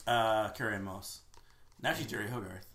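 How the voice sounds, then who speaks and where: A man's voice: fairly low pitch, normal speed, a bit bright. A man co-hosting a casual movie podcast, bantering and laughing with casual swearing. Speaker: podcast co-host.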